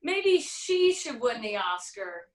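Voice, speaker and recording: A woman's voice: on the high side, big pitch swings, slow. A woman playing a dry, teasing narrator who tells the tale her own way in a filmed stage play. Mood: storytelling. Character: wry, unbothered female storyteller who bends the tale. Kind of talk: theatre acting in a filmed virtual production. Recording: roomy sound, far from the mic.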